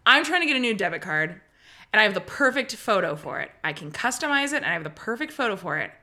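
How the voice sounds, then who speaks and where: Animated bright-voiced woman, teasing jokes. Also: medium pitch, fast talker. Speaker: podcast co-host. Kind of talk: casual chat.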